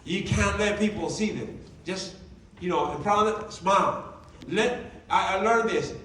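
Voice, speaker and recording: A man with a fairly high voice gives an emphatic motivational talk to an audience in a large meeting room. He repeats his key lines and fires questions at the crowd. The sound is very echoey, picked up from far off, with faint room noise. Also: measured pace, fairly bright tone. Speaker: motivational speaker for a sales team.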